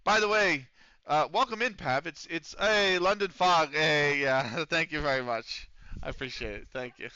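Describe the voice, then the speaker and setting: A man with a bright, crisp voice pitched a bit high, casually rambling through a live-stream of a football management game. He fills his talk with ums and throwaway swearing. The sound is dry and close but a little dull and lo-fi. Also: a little slow. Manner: rambling and loose, with many fillers and casual swearing.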